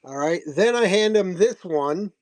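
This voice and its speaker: In an animated, high-pitched but darkish voice, a man recaps his signed comics and prints at a measured pace, laughing and chatting and frequently going over the same points. The recording is dry, like a casual show-and-tell.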